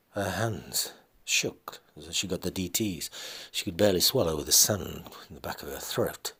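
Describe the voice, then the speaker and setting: A man reading his own dramatic story aloud, with deliberate narration. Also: low-pitched, expressive, pushed and bright, husky.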